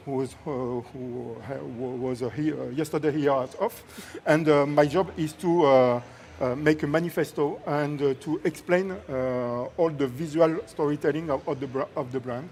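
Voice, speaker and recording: A man's voice: a little high, moderate pace, a little mellow, a little hiss or hum. A middle-aged man from France with a French accent, a motion art director talking on stage, hesitant and searching for English words. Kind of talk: casual on-stage chat. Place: live festival stage.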